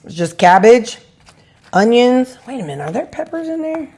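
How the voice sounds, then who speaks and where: A woman's voice: a little high, big pitch swings, normal speed, a little mellow, husky. A woman vlogger chatting casually about her meals, rambling and tasting food as she talks. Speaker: weight-loss vlogger. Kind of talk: casual food vlog chat.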